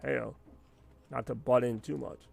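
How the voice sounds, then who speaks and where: A man's voice: medium pitch, fairly even intonation, measured pace, gravelly, darkish tone. A man rambling and venting in casual chat while streaming live gameplay, with frequent asides. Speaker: gaming streamer.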